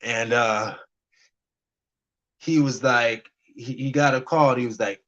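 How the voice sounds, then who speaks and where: A man vlogging to camera, telling a personal dating story in a rambling way, stammering and restarting often and dropping into quiet murmured asides. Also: medium pitch, fairly even intonation, a little slow, long pauses, highs cut off. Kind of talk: casual talk to camera.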